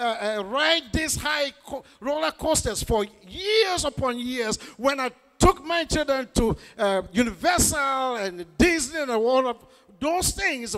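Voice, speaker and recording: A male pastor delivers an emphatic sermon, often rising to a shout and drawing replies from the congregation. His voice sits very high and swings widely in pitch. The tone is bright and edged with gravel. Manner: emphatic preaching with call-and-response.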